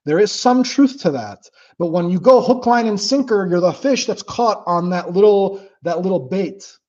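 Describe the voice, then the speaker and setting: A man's voice: sits high, moderate pace, lo-fi sound. Blunt, profane man livestreaming. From United States. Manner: blunt, profane, animated, mocking. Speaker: livestream host. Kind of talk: casual livestream chat reading comments.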